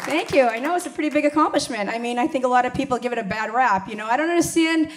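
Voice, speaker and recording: A woman's voice: high-pitched, rapid-fire, some chatter behind. A woman in her forties doing a blunt, profane stand-up comedy set.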